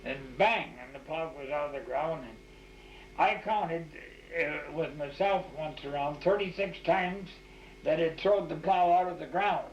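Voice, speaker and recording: On an echoey, dull tape recorded in 1989, an older man tells rambling, folksy stories for an oral history interview, full of restarts and "you know." His voice is on the high side and measured in pace, with slight background noise.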